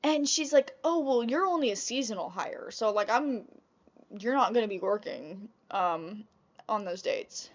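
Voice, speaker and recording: A young woman vlogger telling a casual storytime about old jobs, chatty and animated, swearing often. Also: mid-range voice, measured pace, muffled recording.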